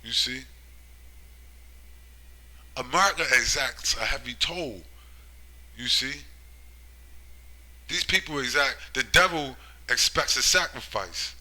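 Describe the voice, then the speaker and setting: A man delivers a rambling, preaching monologue in a bright, forceful voice. He keeps prodding his listeners with "right?" and "you see?", and his level swings from loud emphatic bursts to low muttering. He slows right down when he reads scripture. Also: animated, poor audio. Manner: slow, drawn-out scripture reading. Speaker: religious commentator.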